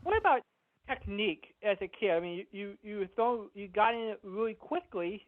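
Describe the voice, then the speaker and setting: A man's voice: sits high, animated, normal speed. A man hosting an interview over a video call, asking probing follow-up questions. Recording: tinny video-call audio.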